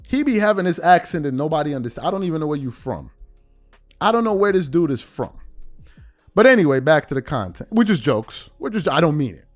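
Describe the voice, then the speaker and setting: A male podcast host rants bluntly about sports, mocking as he goes. His pitch swings widely, rising and falling with each point. The sound is dry and close, with faint music underneath. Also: normal speed, dry recording. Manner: animated, blunt and mocking, with mock-quoted asides. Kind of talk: opinionated commentary.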